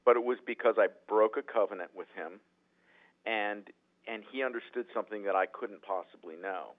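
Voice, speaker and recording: A man who is a writer-director telling animated stories in an interview, often restarting his sentences. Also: lowish voice, moderate pace. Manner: animated, acts out quotes, frequent restarts. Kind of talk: anecdotal storytelling in a podcast interview. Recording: tinny phone-like line.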